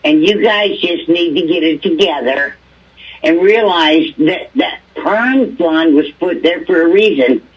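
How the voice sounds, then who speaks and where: A woman's voice: on the low side, a little slow, breathy edge. An older woman from Alaska calling in to testify at a hearing, talking bluntly and with exasperation. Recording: muffled distant phone line.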